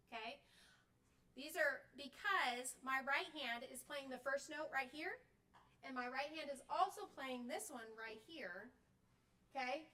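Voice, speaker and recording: Bright, high woman teaching from afar. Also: recorded from a distance. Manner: explains with frequent "okay?" and "right?" checks. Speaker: clinician teaching band directors. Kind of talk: live workshop demonstration. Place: workshop room. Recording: voice from off the mic.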